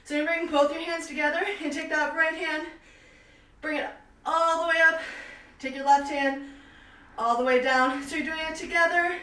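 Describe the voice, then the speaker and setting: High-voiced, winded woman fitness instructor. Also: fairly even intonation, moderate pace, pauses often, sharp tone. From Canada. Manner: upbeat, counting reps and cueing moves. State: out of breath. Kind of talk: live online workout class. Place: small room at home. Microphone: camera at a distance. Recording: echoey room, voice far from mic.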